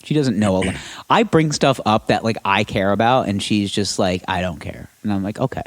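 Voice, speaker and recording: Man, low voice, casual podcast chat, rambling storyteller, swears. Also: a little fast. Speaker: podcast co-host.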